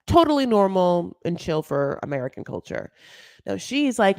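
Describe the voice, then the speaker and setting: A woman's voice: fairly low pitch, very animated, normal speed, dry recording. A woman casually recapping a reality show, gossipy and full of filler words, calling listeners honey. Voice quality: gravelly vocal fry.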